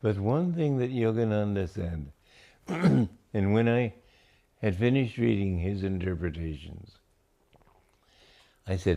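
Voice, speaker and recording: An older man, a spiritual teacher, giving a reflective talk on scripture, slow and deliberate with many pauses between phrases. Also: on the low side, lively intonation, vocal fry, warm tone.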